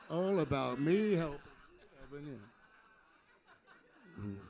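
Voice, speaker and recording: A man performing a stand-up comedy set on a club stage, delivering deadpan punchlines into a handheld mic. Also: fairly high pitch. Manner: deadpan punchline delivery with sung parody bits.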